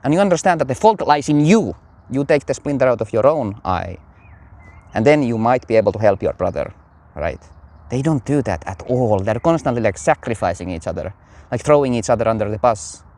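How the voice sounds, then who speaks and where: A man's voice: mid-range voice, expressive, fairly quick, dark tone. A man giving casual, rambling religious commentary with many fillers.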